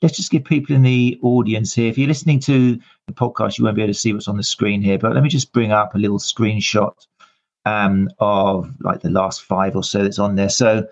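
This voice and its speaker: A man's voice: lowish voice, steady tone, fairly quick, lo-fi sound. A man hosting a podcast, introducing his guest in a chatty, rambling way with many fillers. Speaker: podcast host. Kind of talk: casual live-show introduction and interview.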